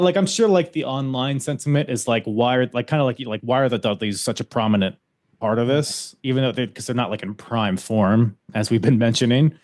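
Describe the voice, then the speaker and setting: A man's voice: medium pitch, a little mellow. A man hosting a podcast, recapping events in a loose, casual chat and laughing often. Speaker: podcast host.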